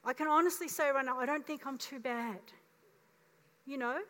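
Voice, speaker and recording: A woman in her fifties preaching a sermon as pastor, telling her story in a lively way and acting out the voices. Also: sits high, normal speed. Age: 50s. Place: church auditorium. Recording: long reverb of a church hall.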